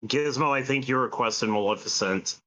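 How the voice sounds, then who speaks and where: Male co-host, bright tone, easygoing and offhand. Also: medium pitch, moderate pace, poor audio. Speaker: podcast co-host. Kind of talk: casual livestream chat.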